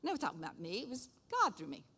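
Middle-aged lady nurse telling her faith story, lively, acts out the voices, laughs a lot. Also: a little high, quick pace, husky. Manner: animated, laughing, acts out dialogue. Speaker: speaker sharing testimony. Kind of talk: casual testimony storytelling.

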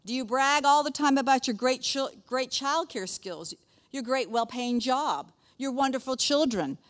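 A woman's voice: sits high, expressive, a little slow. A middle-aged woman teaching a conversational Bible lesson in a chatty way, often checking in with her listeners.

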